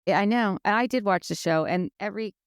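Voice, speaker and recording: A woman in casual podcast chat with a smooth, clear voice. She recaps scenes in a chatty way, slipping into quoted lines, recorded close and dry. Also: medium pitch, fast talker, no echo. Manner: chatty, retells scenes by quoting others in lively voices. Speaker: podcast co-host.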